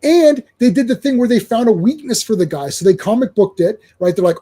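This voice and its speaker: A man hosting a casual movie podcast, talking in an excitable, rambling way with frequent laughs and swearing. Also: high voice, brisk, hardly any pauses, slightly rough. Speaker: podcast host. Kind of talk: casual movie review chat.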